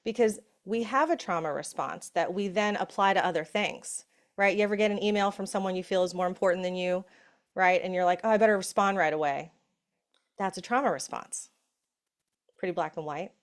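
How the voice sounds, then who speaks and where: Middle-aged woman, motivational summit talk, chatty with frequent "right?", drops to soft hushed affirmations. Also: medium pitch, normal speed. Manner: warm, conversational, often asks "right?". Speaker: summit speaker. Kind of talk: motivational talk on breath and safety.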